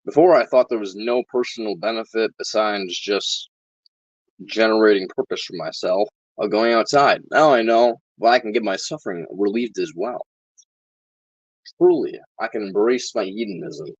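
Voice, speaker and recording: A man with a very low voice delivers a casual vlog monologue. His tone is sarcastic and deadpan, and he swears often. The recording is dry and slightly dull. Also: normal speed, no room sound. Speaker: vlogger.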